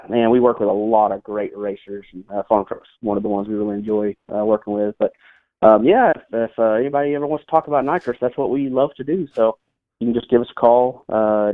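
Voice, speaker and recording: A man's voice: on the low side, fairly even intonation, brisk, no echo. A man calling in as a guest from a parts company, talking in an easygoing, friendly way with lots of fillers. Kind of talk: casual phone interview. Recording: tinny phone line.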